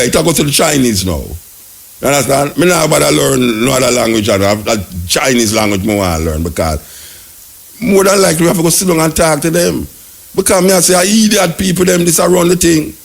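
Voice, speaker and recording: Jamaican radio host, gravelly husky voice, higher pitched, impassioned preachy rant. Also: male voice. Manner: animated, ranting, preachy. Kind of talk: impassioned talk radio commentary.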